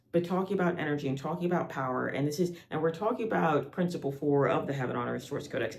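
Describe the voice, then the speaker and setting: A man's voice: medium pitch, darkish tone, slight background noise. A man hosting a spiritual podcast, talking in a loose monologue with frequent restarts and asides. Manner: rambling, many restarts and asides. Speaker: podcast host.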